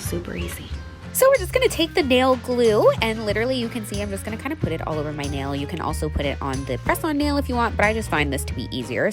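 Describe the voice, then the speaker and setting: Young woman vlogger, bubbly and self-mocking, with a lively, swooping voice. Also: medium pitch. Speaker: beauty vlogger. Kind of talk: casual tutorial chat with voice-over. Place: outdoors outside her apartment.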